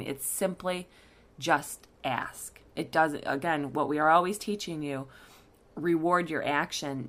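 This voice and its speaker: A woman's voice: low-pitched, fairly bright tone. A woman, working as a coach, tells a candid personal story to her listeners, with fillers and restarts.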